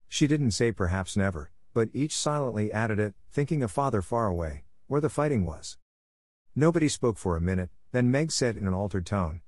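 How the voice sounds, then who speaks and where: A man narrating a classic novel as an audiobook in a measured, even reading. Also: on the low side, no room sound. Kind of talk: scripted narration.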